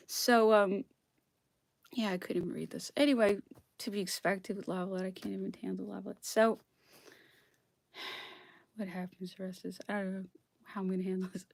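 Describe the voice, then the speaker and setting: A woman vlogger reads history aloud in an impassioned solo monologue, emotional and near tears, sometimes dropping into whispered asides. Her voice is mid-range with a darkish tone, and there is no room sound.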